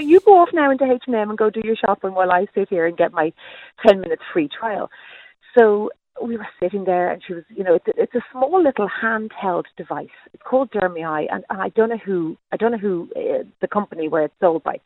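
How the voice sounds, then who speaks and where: A woman in her late forties rambles cheerfully through a story as she calls in. She comes through a tinny, phone-like line with a dry sound. Her pitch sits mid-range. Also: animated, fast, no room sound. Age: 40s. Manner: chatty, rambling storyteller with lots of asides. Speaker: caller. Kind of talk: phone-in call.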